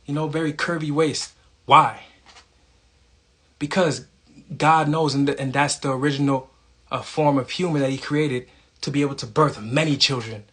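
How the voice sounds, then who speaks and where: A man's voice: on the high side, fairly bright tone, slightly rough. A man giving a casual, preachy monologue, emphatic and profane, punctuating points with "okay?". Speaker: self-styled spiritual speaker.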